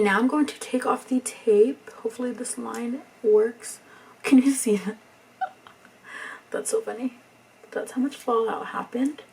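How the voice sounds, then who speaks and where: A young woman, talking softly through a makeup tutorial in a rambling, near-whispered way. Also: a little high, gravelly, slightly rough, far from the mic. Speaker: beauty vlogger.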